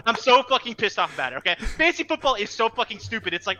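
A man's voice: high-pitched, big pitch swings, rapid-fire, few pauses, sharp tone, low-quality recording. A young man co-hosting a podcast, ranting with exasperation and lots of swearing in casual chat. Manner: exasperated, profane, heated ranting. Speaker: podcast co-host.

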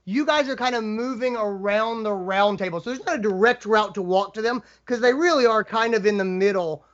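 A man with a Southern US accent, narrating a tabletop game as dungeon master in a halting, filler-heavy way. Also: sits high, a bit bright, dull audio.

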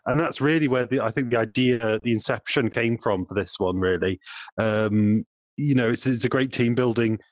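A man's voice: mid-range voice, dry recording. Guy explaining stuff on a podcast, dry close sound, lots of restarts. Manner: measured, explanatory, frequent restarts. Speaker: guest developer. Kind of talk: casual podcast chat.

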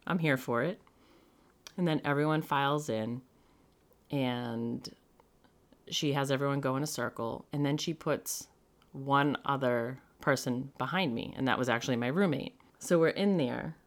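A podcast host telling a personal story in a casual, chatty way, full of "like" fillers, frank and animated, with some swearing. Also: medium pitch, unhurried. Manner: chatty, heavy use of "like" fillers.

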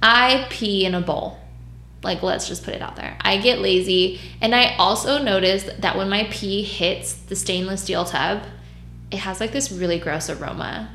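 Woman, dog groomer, blunt and cussing, bright forceful voice, roomy echo. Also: mid-range voice, normal speed. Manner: blunt and profane, acts out voices in stories. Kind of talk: casual storytelling chat.

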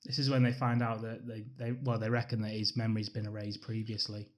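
A man's voice: on the low side, little pitch movement, brisk, lo-fi sound. A man co-hosting a casual film podcast, recapping the plot plainly with casual swearing. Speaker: podcast co-host.

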